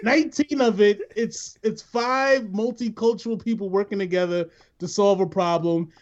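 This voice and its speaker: A man hosts a podcast with loose, joking banter and frequent laughter. His voice sits high, and the recording sounds dull and lo-fi. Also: moderate pace. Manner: joking, laughs often, runs the show. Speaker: podcast host.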